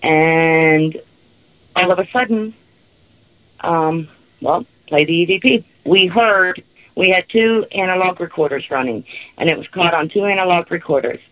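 A woman's voice: lowish voice, unhurried, no echo, phone-quality sound. A woman caller telling a personal story in a rambling way, with nervous laughs.

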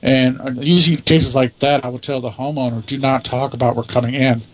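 A man's voice: medium pitch, steady tone, fairly quick. A man who leads a paranormal investigation team answers interview questions in a matter-of-fact, self-assured way.

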